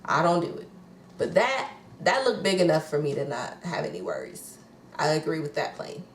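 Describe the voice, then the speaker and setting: A woman's voice: sits low, wildly swooping pitch, moderate pace, reverberant, a little hiss or hum. A woman recapping reality TV casually, sassy and blunt, swearing freely. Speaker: reality TV reviewer.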